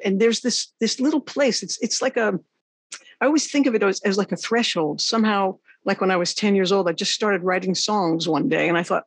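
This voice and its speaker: A woman hosting an interview, a songwriter and teacher, telling animated, rambling stories in casual chat. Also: mid-range voice, brisk, breathy edge, no room sound.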